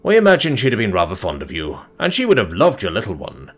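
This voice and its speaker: A man's voice: fairly low pitch, fast talker. A man doing a folksy old farmer. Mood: easygoing. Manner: homely, relaxed rural turns of phrase.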